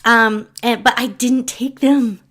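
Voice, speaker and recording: A woman's voice: on the high side, steady tone, takes it slowly, fairly bright tone. A woman vlogger telling a personal story in a rambling, heartfelt way, with many restarts and asides to her viewers. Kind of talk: casual storytelling to camera.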